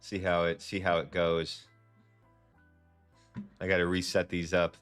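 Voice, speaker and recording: A young man hosting a live trading stream, chatting casually and ranting in a slangy, profane, animated way. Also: unhurried, clean tone, soft background music. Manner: animated, slangy and profane, with lively jumps in pitch. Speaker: livestream trading host. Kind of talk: casual livestream chat and rant.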